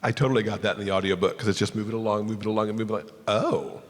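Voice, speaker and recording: Low-voiced interviewer in a reverberant hall. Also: male voice, fairly even intonation, very fast. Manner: enthusiastic, conversational questioning. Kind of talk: live interview questions. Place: library hall before a live audience. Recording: long reverb of a large hall.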